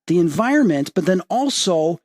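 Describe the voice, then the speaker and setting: A man hosting an interview as a medium, telling a story with rising excitement and lively quoting of others. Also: moderate pace. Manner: excitable, rising pitch when quoting and emphasizing. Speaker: podcast host and medium. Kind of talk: animated storytelling in casual interview.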